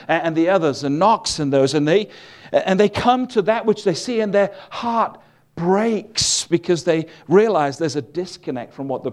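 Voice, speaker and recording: A man preaching a sermon, his voice sitting a little above the usual male pitch. He talks to the congregation in a loose, conversational way, telling homely stories with a humorous edge.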